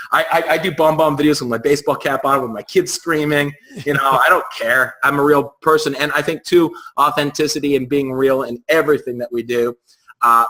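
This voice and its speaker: Man, interview guest, bright forceful voice, slightly high, frank, stumbles over words. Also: rough recording. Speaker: real estate agent, guest. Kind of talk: casual interview talk.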